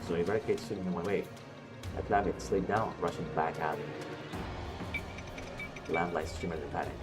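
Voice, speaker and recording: With game music in the background, a man with a low-sitting voice reads a game's story out loud at a moderate pace. He swears, jokes, and answers back to the characters as he plays.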